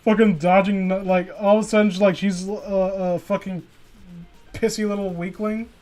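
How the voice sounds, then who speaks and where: A man's voice: high-pitched, flat delivery, moderate pace, a little mellow, faint music behind. A young man giving a comedic reading of a story, breaking off into sweary, incredulous rants. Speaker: reader and commentator. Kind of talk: comedic dramatic reading with commentary.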